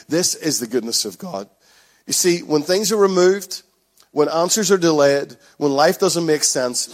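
A man's voice: sits high, fairly quick. A middle-aged man preaches from the pulpit in a slightly raised voice. He is earnest and emphatic and often repeats his key lines for weight. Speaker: pastor. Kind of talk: sermon.

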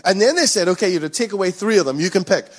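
A man's voice: high-pitched, expressive, racing. A middle-aged man preaches from the pulpit in a slightly raised voice. He is earnest and emphatic and often repeats his key lines for weight. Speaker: pastor. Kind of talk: sermon.

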